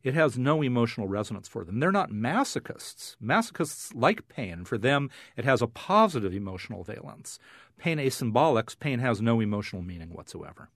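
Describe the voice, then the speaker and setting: A middle-aged man, a neuroscience professor, explaining on a radio interview with frequent "uh" fillers and animated emphasis. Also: medium pitch, brisk, no room sound, clean studio sound.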